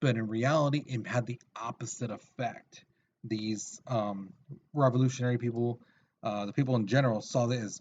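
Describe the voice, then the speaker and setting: A man's voice: medium pitch, steady tone, moderate pace, darkish tone, highs cut off, slight background noise. A male teacher giving a recorded video lesson in a casual, chatty way with lots of fillers.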